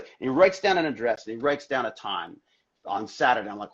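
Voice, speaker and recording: A man guesting on an interview, telling stories in an animated, rambling way with many restarts, heard over a video call. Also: mid-range voice, a little fast, breathy edge. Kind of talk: casual interview chat. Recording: dull lo-fi social media livestream audio.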